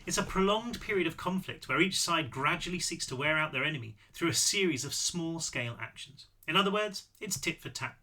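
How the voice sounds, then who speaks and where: A man voicing a high-pitched, soft-spoken European man who is gentle on the surface and dangerous underneath, in a book read-through. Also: animated, brisk, hardly any pauses, full character voice. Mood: calm, ominous. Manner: quiet, gentle, with a dark edge.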